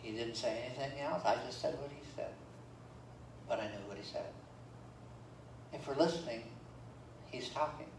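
A man's voice: mid-range voice, normal speed, pauses often. A man preaching a sermon as pastor, reading scripture aloud and adding folksy, joking asides. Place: church sanctuary. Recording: roomy church echo, from far off, faint room noise.

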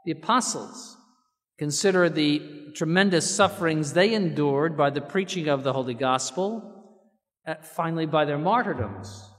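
Bishop giving a sermon: male, fairly high voice, earnest, deliberate on key words, church reverb. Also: a bit bright. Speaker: bishop preaching.

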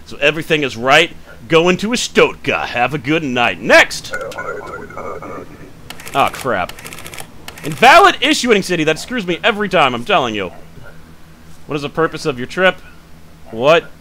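Bright-voiced man muttering over a game. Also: mid-range voice, a little hiss or hum. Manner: thinks aloud while checking details, mutters to himself; quick to grumble and curse, then apologizes. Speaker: gaming channel host. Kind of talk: casual let's-play commentary.

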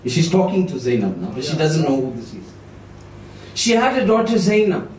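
A man's voice: fairly high pitch, very animated, a little mellow, a little hiss or hum. Emotional male preacher in an echoey hall. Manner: emotional, drawn-out storytelling. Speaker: moulana delivering a discourse. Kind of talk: sermon. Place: prayer hall at a gathering. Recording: echoey hall, voice heard from a distance.

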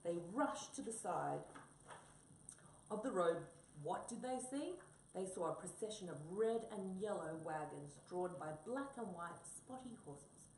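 A woman reading a children's storybook aloud in an animated way. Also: on the low side, unhurried. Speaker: reader. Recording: distant echoey room with faint noise.

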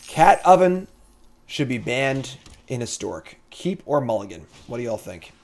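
A man streaming a card game, thinking aloud through his plays and breaking into excited outbursts as he talks to chat. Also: medium pitch, moderate pace, vocal fry. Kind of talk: casual gameplay commentary.

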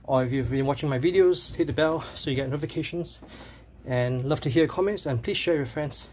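A man casually talking through charts while working out at a gym, a bit out of breath, thinking aloud with pauses and fillers. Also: fairly high pitch, a little mellow, a little hiss or hum. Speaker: crypto vlogger. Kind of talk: casual screen walkthrough.

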